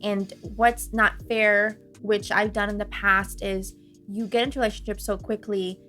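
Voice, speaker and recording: A young woman co-hosting a podcast, chatting casually and getting animated and tipsy over wine. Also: mid-range voice, normal speed, faint music behind. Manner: animated, laughs often, tipsy. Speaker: podcast co-host. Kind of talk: casual chat.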